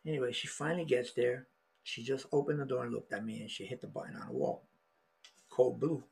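A middle-aged man telling a personal story in an emotional, halting way, with many restarts. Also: mid-range voice, gravelly, darkish tone, husky. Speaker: podcast guest.

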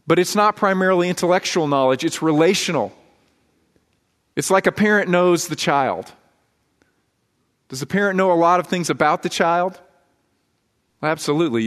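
A man preaching a sermon as pastor, earnest and conversational, telling stories to his congregation. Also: on the high side. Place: church sanctuary. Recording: long hall reverb in a church.

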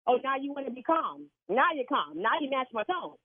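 A woman's voice: high voice, sing-song, brisk, breathy edge, dry recording. Stern older woman on a tinny phone line. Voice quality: stern and preachy. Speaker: church sign-language interpreter. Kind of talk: phone call.

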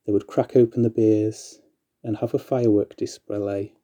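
A man reading aloud a long rhyming story poem in a measured, steady recitation. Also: on the low side, dull audio.

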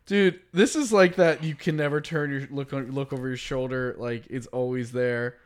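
A young man co-hosting a casual podcast, animated and profane, often laughing. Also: medium pitch, normal speed. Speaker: podcast co-host.

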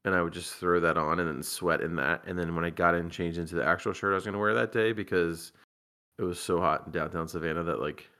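A man from the southern US, co-hosting a podcast, talking quickly in casual, joking, profane chat. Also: low voice, steady tone, pushed and bright. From southern US (Georgia). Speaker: podcast co-host.

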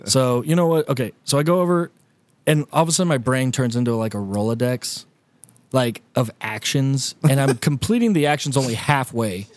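A man's voice: mid-range voice, moderate pace, no room sound. A young man animatedly telling a funny story as a podcast host, laughing often and swearing. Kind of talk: casual storytelling.

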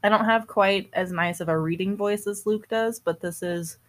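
A woman chatting casually and reading posts aloud, agreeable and quick to giggle. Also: medium pitch, fairly even intonation.

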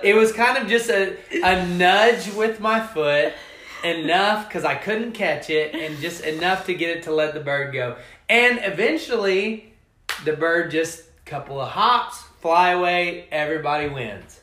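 A young man on a podcast with a bright, sharp voice. He tells his side in a joking, defensive way. He is in an echoey room with faint noise behind him. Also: sits high, a little slow. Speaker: podcast co-host. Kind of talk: casual podcast chat.

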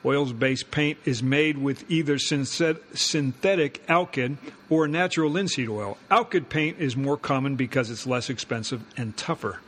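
A man co-hosting a home-improvement radio show, easygoing and quick to laugh, reading listener mail. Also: mid-range voice, a bit bright. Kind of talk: scripted comedy banter.

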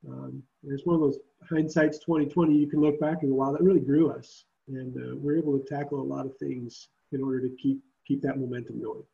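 A man's voice: mid-range voice, steady tone, fairly quick, creaky, hardly any pauses, dull audio. A man who leads a Christian summer camp, speaking earnestly and reflectively in an interview. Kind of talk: podcast interview.

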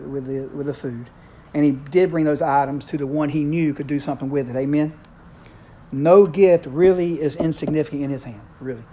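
Middle-aged male preacher, slightly high, warm tone, conversational sermon style. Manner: conversational, checks in with the congregation.

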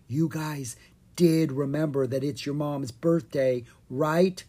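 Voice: medium pitch, steady tone, slow, warm tone. Daryl, a reader doing a doting father dragon.

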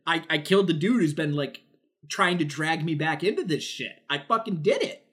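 A man putting on a gruff low-voiced assassin. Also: animated, normal speed, fairly bright tone. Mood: defiant. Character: grim low-voiced male assassin, blunt and defiant.

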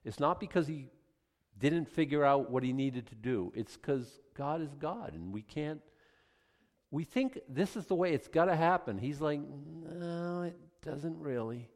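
A man's voice: on the high side, normal speed. A middle-aged man preaching a sermon as pastor, acting out little voices and asides. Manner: animated, acts out voices of God and people.

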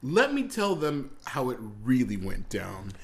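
A man's voice: medium pitch, wildly swooping pitch, unhurried. A man telling a childhood story in casual chat, swearing and laughing as he goes.

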